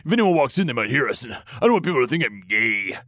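A man voicing a smug, teasing male lover in a comedic dramatic reading, husky and hammy. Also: medium pitch, big pitch swings, fast, fairly bright tone, dry recording, studio quality. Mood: seductive, teasing.

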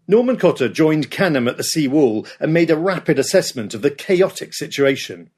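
A man's voice: a little high, big pitch swings, normal speed, few pauses, a little mellow, breathy edge. A man narrating a scripted history podcast with dramatic storytelling.

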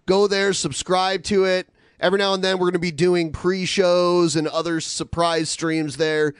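A man's voice: high voice, flat delivery, normal speed, clear, resonant tone, no echo, clean studio sound. A man hosting a casual podcast, rambling through announcements and reading donation messages aloud with lots of filler words. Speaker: podcast host.

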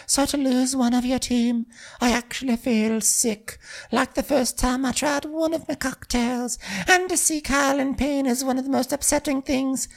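A woman's voice: high-pitched, steady tone, normal speed, creaky, pitched above the performer's own voice. A woman doing a mock-soothing impression of a fussy young female stewardess in a gushing singsong. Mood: mock-earnest.

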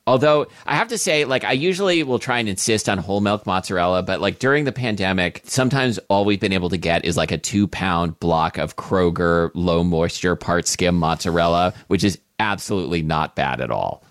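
Man, very low voice, easygoing rambly podcast co-host, dry sound. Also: brisk, hardly any pauses, a bit bright, no echo. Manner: rambling, many "like" fillers, easygoing. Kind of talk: casual food chat.

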